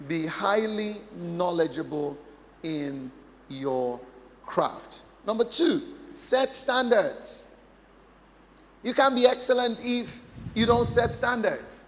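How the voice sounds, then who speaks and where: Pastor, man, sermon; unhurried, repeats key lines, quizzes the audience, long reverb. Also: sits high, a little hiss or hum. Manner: emphatic, repeats phrases, asks the congregation questions.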